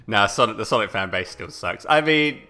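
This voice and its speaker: A man hosting a casual gaming podcast, jokey and animated, often laughing. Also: fairly low pitch, moderate pace, faint music behind. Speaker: podcast host. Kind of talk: casual chat.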